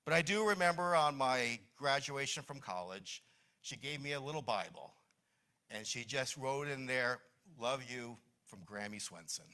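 Middle-aged man, church speaker, bright tone, fond and halting. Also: mid-range voice, expressive. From New Jersey. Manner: warm, reminiscing, with many restarts. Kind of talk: Mother's Day church talk. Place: church meeting hall.

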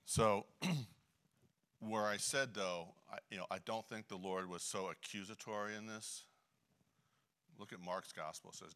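Deep-voiced man giving a chatty sermon. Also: measured pace, fairly bright tone. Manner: chatty, many "you know" fillers, frequent throat clearing. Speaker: Bible teacher. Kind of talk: conversational sermon with a personal story.

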